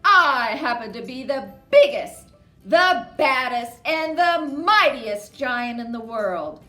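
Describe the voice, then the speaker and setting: A bragging storybook giant who bellows that he is the mightiest, as a woman reader acts him out. The voice is loud and lively, drawn out slowly. An echoey room surrounds it. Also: on the high side, far from the mic, soft background music, full character voice. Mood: boastful. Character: huge, boastful, bullying male giant. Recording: roomy echo.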